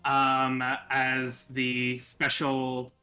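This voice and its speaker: A man player working through his turn in a tabletop game, hesitant with many pauses and ums. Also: mid-range voice, completely flat delivery, sharp tone. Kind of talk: casual game talk.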